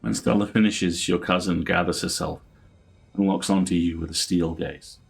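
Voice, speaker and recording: A man's voice: low voice, moderate pace, vocal fry, husky. A man casually playing a story game on stream and reading its narration aloud. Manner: relaxed, also reads the game's narration. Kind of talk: casual let's-play chat.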